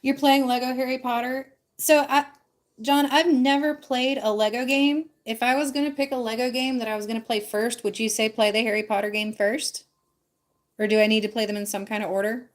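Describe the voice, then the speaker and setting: A woman's voice: fairly high pitch, fairly even intonation, brisk. Chatty woman hosting a casual livestream. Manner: chatty, talks directly to viewers; loose, filler-heavy talk with frequent ums and likes. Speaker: livestream host.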